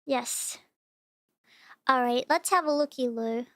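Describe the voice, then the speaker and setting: A woman's voice: high voice, slow, a bit bright, no room sound, studio quality. A young woman streaming, chatting casually and gushing over cute animal videos. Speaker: VTuber streamer.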